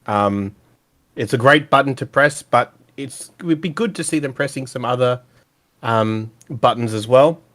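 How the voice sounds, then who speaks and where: A man's voice: medium pitch, normal speed, fairly bright tone. A man talking as a guest on a casual gaming podcast, teasing the host and then analysing changes in an upbeat way.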